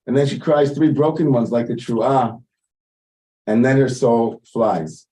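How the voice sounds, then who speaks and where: A teacher leads a Torah study, going through the Hebrew line by line and translating phrase by phrase while explaining loosely and informally. His mid-range voice is mellow and dark, and he speaks at a measured pace, heard from a little distance away from the mic.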